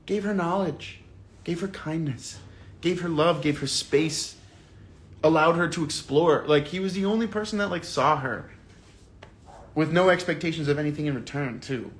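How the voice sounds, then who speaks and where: A man with a slightly raised pitch hosts a live online book club. He talks casually and with animated indignation, reading out viewer comments and reacting to them with slang and the odd curse. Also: moderate pace.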